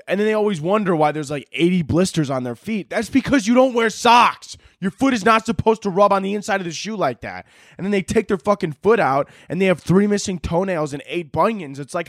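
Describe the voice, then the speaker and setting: A man's voice: high-pitched, no echo, studio quality. A young man hosting a podcast, ranting casually and sarcastically with lots of swearing. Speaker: podcast host. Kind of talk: casual solo rant.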